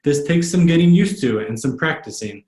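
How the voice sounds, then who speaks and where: A male language tutor giving a pronunciation lesson, patiently repeating words slowly. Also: on the high side, lively intonation, a little mellow. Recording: echoey room.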